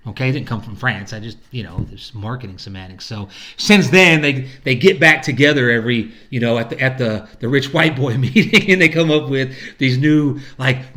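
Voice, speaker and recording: Man, middle-aged, rambling profane rant, average pitch, acts out quotes. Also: moderate pace, fairly bright tone. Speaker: vlogger. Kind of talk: casual rant.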